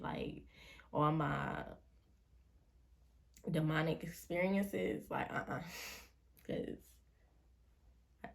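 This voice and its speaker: A woman's voice: low voice, gravelly. A young woman vlogger casually telling a personal story in slangy speech, acting out the voices of the people in it. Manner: slangy, animated retelling with quoted voices.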